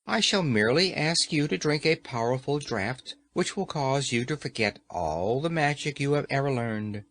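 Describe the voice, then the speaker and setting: A man's voice: medium pitch, animated, moderate pace, a bit bright. A man voicing a stately, powerful sorceress who speaks sternly and with authority. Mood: calm. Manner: stern, commanding.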